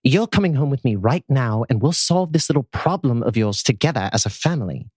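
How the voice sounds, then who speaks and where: A man playing a stern, husky mother. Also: medium pitch, expressive, brisk, a little mellow, dry recording. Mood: scolding. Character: stern worried mother, middle-aged woman. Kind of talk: script table read.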